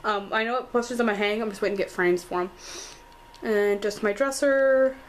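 A woman's voice: mid-range voice, a little fast, slight background noise. A young woman with a Southern American accent, giving a casual room tour in her bedroom and filming on a handheld camera, chatty and full of "like" fillers. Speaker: vlogger.

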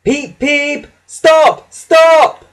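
A man voicing a cheeky little male tank engine in a storybook reading, calling out in shrill excited cries. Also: drawn-out words, full character voice. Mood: shrill shouting.

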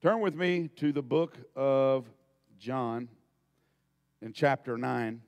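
A man preaching a folksy storytelling sermon, dropping to quiet asides and then bursting into loud shouts. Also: medium pitch, takes it slowly, smooth, big-room sound, lo-fi sound.

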